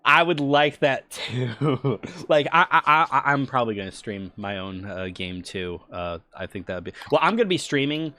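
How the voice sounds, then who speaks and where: A man's voice: mid-range voice, animated, normal speed, bright, forceful tone. A man chatting casually on a livestream while running a tabletop game. He rambles, stammers through restarts and keeps getting sidetracked. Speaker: game master and streamer.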